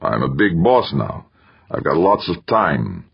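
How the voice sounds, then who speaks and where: A man with a deep, husky voice playing a proud, weary male engineer in exile, speaking tersely and holding himself back. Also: sing-song, unhurried, muffled recording, full character voice. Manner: terse, restrained.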